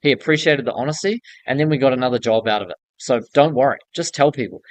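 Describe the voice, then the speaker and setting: A man's voice: mid-range voice, fast, hardly any pauses, dry recording. A man giving casual, blunt business advice to newcomers in the building trade, often checking in with "okay?". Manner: direct coaching tone, often ends points with "okay?". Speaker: building contractor coaching newcomers.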